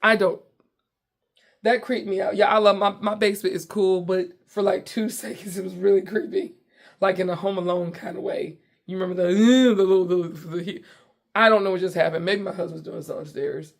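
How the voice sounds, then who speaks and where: A woman from the United States who hosts a comedy show, telling a story in casual, animated chat from her home basement and often breaking off mid-sentence. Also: medium pitch, a little fast, creaky.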